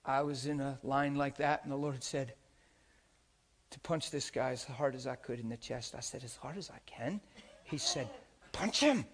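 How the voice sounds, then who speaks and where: A man preaching a sermon, telling stories with animated swings from shouts to hushed whispers and laughing as he talks. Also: medium pitch, moderate pace. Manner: laughs while talking.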